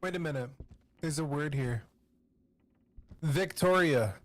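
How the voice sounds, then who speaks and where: A man playing a horror game with friends on a livestream, excitable, laughing and repeating himself. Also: fairly high pitch, takes it slowly. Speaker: livestream co-player. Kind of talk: casual gaming chat. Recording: game music behind the voice.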